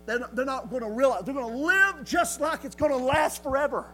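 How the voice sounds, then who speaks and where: Man, very high voice, preaching a sermon, folksy and emphatic, loud then quiet, faint hum behind. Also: brisk, low-quality recording. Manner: emphatic, folksy, swings from loud declaring to low asides.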